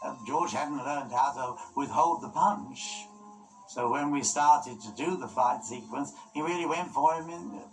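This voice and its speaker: A man's voice: a little high, measured pace, a little hiss or hum, low-quality recording. An older man, a filmmaker, recalling a film production in an interview in a reflective way. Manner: gravelly, reflective recollection. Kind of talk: interview recollection. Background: music.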